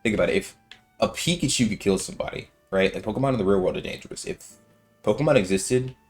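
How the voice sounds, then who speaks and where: Talking fast in a low voice, a young man narrates his gaming session in a loose, rambling way. His let's-play commentary is casual, slangy and full of fillers, with soft music playing behind him.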